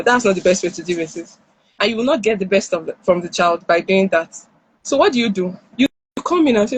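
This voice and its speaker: Animated Nigerian woman giving parenting tips. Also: mid-range voice, brisk, slightly rough, no echo, poor audio. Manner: animated, acts out parent and child lines. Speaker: parenting speaker. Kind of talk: live-stream talk. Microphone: phone or headset on a live stream.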